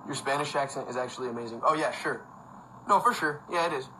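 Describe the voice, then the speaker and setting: A fast-talking young man with a mid-range voice hosts a casual phone livestream indoors at home, a fan running amid background noise. His talk is loose, full of fillers and punctuated by frequent laughter.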